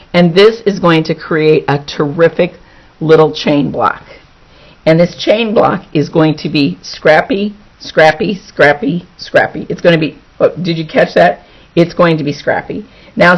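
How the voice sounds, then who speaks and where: A woman teaching a quilting lesson, talking through each step as she works and repeating words for emphasis. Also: sits low. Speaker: quilting instructor. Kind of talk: hands-on sewing demonstration. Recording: dull lo-fi recording.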